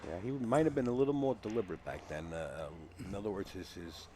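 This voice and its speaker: A man's voice: fairly low pitch, fast, warm tone, slight background noise. A man commentating live on a pool match from a booth, chatty and teasing, explaining the shots as they happen. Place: booth at a pool hall tournament.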